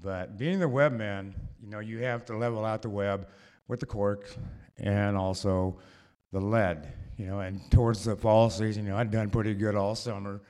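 A man's voice: on the low side, steady tone, a little mellow. Man rambling through a live story. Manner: halting and rambling, with many fillers and restarts. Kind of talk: personal story told to a live audience.

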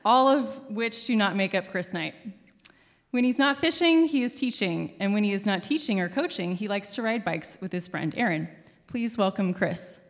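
A woman's voice: mid-range voice, expressive, normal speed. A woman hosting a live event, playfully introducing the next speaker. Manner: listing quirky traits, playful. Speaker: event host. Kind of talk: stage introduction. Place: event hall. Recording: reverberant hall.

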